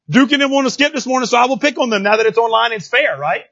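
A male pastor preaching a sermon in a folksy, emphatic way that swells to shouts. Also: very high-pitched, quick pace, dull audio.

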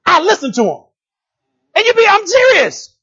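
A male pastor giving a lively, conversational sermon, speaking straight to his congregation and often checking in with them. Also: very high-pitched, normal speed, lo-fi sound. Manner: animated, talks straight to the congregation, often asks "you know what I'm saying?".

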